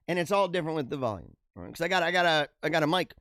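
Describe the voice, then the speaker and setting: A man with a fairly high, very lively voice hosts a casual livestream. He chats through viewer comments in an animated way and often drops into low asides. His radio-style mic sounds close and dry. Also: very fast, few pauses, no echo. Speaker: livestream show host. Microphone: radio-style studio mic.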